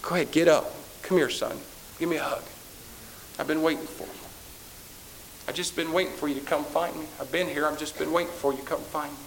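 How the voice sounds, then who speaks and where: Man putting on a tender Jesus, soft coaxing voice, higher-pitched man. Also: fairly even intonation, racing, creaky, few pauses, a little hiss or hum, low-quality recording.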